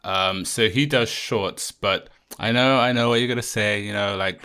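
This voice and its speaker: Male podcast co-host, deep but bright voice, loose and rambling, full of "like" and "um.". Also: normal speed, hardly any pauses, clear, resonant tone. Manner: rambling, many fillers and restarts. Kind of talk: casual chat.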